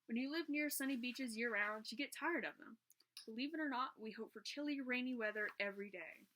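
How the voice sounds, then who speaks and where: A woman reading aloud, voicing a candid, lively young surf-shop manager in a storybook. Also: on the high side, fairly quick.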